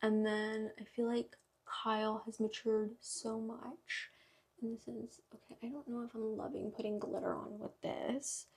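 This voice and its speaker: A woman's voice: on the high side, steady tone, a little slow, husky. A woman beauty vlogger in casual get-ready-with-me chat, rambling with lots of fillers while she does her makeup. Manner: rambling, filler-heavy, chatty.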